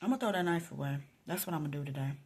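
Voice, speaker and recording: A woman, telling a personal Christian testimony in an animated way, quoting both people in the story and swinging from low murmurs to loud outbursts. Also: rapid-fire, husky. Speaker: Christian vlogger sharing a testimony.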